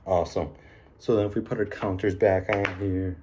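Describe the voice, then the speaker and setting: A man teaching a phonics lesson, encouraging the class and slowly sounding out letters, with frequent ums and likes. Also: sits low, fairly even intonation, warm tone. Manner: frequent fillers like um and like.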